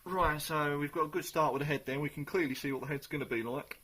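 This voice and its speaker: A man reviewing a beer in a casual, chatty way, sometimes pausing to search for the right words. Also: on the high side, steady tone, a bit bright, slightly rough.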